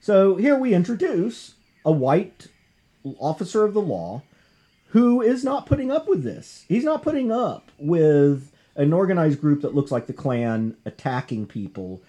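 A man hosting a casual talk show, discussing comics and history in an animated, conversational way. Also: unhurried. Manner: animated, conversational, jumps in pitch for emphasis. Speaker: podcast host.

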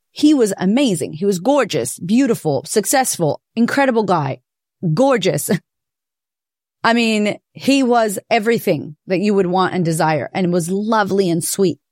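A woman hosting a podcast, telling her own story in a candid, profane, animated way. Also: medium pitch, unhurried, no room sound, clean studio sound. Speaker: podcast host. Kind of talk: personal confessional monologue.

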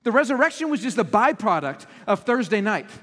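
A pastor with a high-pitched voice preaches straight to his congregation. He is earnest and questioning, and his words ring out through a long, echoing church hall. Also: big pitch swings, brisk, pushed and bright. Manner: earnest, direct address to the congregation with rhetorical questions. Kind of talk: sermon. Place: church auditorium.

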